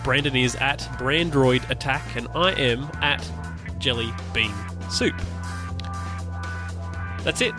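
A man's voice: medium pitch, slow, music in the background. A man co-hosting a casual podcast, rambling with restarts and fillers. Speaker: podcast co-host.

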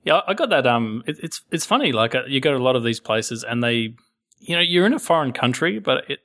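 A man's voice: medium pitch, lively intonation, fairly quick, sharp tone. Rambling man telling travel stories. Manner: rambling storyteller who acts out quotes. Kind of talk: casual travel chat.

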